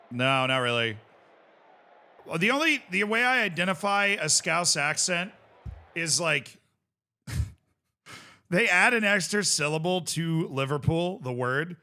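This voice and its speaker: Bright-voiced man streaming a game. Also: fairly high pitch, lively intonation, measured pace, long pauses. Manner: chatty, reacts loudly to the game. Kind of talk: casual gameplay commentary.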